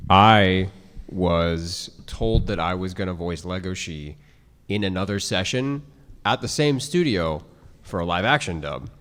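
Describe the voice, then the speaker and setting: A young man tells a lively story on a convention stage, his voice sitting a little low. Long reverb from the hall trails behind each phrase. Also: unhurried, clean tone. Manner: animated anecdote telling with impressions. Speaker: voice actor panelist.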